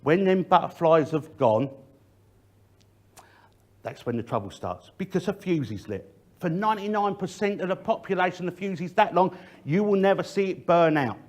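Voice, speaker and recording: Middle-aged man, safety speaker, talks straight to the room with varied emphasis, slightly raised pitch. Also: animated, normal speed. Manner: direct, addresses the audience, varies emphasis. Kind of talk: public talk to an audience.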